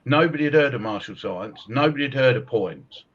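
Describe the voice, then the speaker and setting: A middle-aged man hosting a podcast, chatting casually and telling animated stories with frequent laughs. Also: medium pitch, brisk, breathy edge, lo-fi sound. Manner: animated storyteller, laughs often. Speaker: podcast host, martial arts coach. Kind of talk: casual chat.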